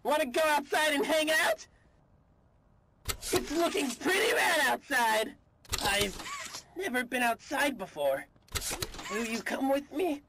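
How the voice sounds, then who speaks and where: A woman's voice: sits high, lively intonation, slow, pauses often. A woman voicing a nervous toy chicken from a game, hesitant and scared, in a noisy recording. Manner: anxious, hesitant.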